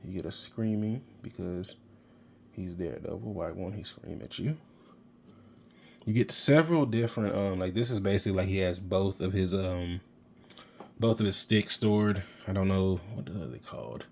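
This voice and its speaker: Deep-voiced man, excitable toy reviewer, rambling, faint room hum behind. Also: normal speed, vocal fry. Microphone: handheld camera mic.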